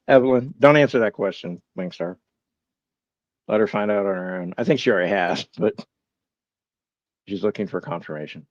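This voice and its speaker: A man's voice: lowish voice, lively intonation, normal speed, pauses often, no room sound, dull audio. A man hosting a casual live stream, musing aloud, reading chat replies and poking fun at his own confusion. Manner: bemused, self-mocking. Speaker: livestream host.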